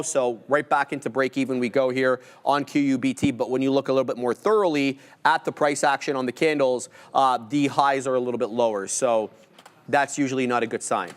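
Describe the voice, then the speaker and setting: A man co-hosting a live trading stream, calling out price levels and order fills as they happen, with playful asides in between. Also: medium pitch. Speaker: day trader co-hosting a live market stream.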